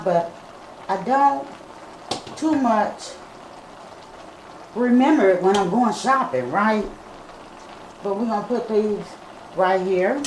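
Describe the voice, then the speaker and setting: Woman cooking host, folksy and slow-spoken, talks straight to her viewers; roomy home kitchen. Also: lowish voice, slight background noise. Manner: chatty, addresses viewers as y'all and you guys. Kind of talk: casual cooking vlog talk.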